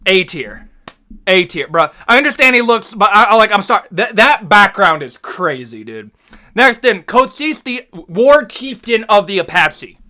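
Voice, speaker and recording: A young American man with an American accent giving slangy, animated tier-list commentary as host, swearing freely. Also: sits high, measured pace. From United States.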